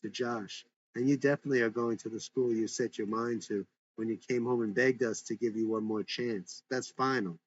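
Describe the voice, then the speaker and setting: A man's voice: mid-range voice, fairly even intonation, normal speed, hardly any pauses, natural voice. A man reading the lines of a strict father who lectures firmly, in a dull lo-fi recording. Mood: stern. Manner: firm, lecturing. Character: stern strict middle-aged father.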